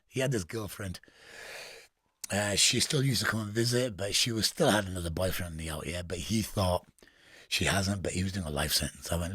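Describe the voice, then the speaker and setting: A man's voice: on the low side, dry recording, clean studio sound. A man with a Geordie accent telling prison stories as a podcast guest, blunt and full of swearing, laughing at his own tales. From England. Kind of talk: storytelling in casual interview.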